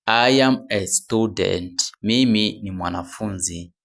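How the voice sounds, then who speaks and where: A low-voiced man teaching a beginner language lesson at an extremely unhurried pace. He says each short phrase slowly and often twice, then gives its translation. Now and then he stops to correct himself mid-phrase. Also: creaky, a bit bright. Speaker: English teacher.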